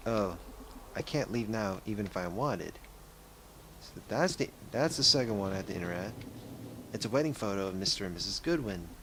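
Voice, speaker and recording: A man's voice: on the low side, a bit bright, slight background noise. Rambling young man narrating a game. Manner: rambling, self-correcting. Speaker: let's play gamer. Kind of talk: casual gameplay commentary.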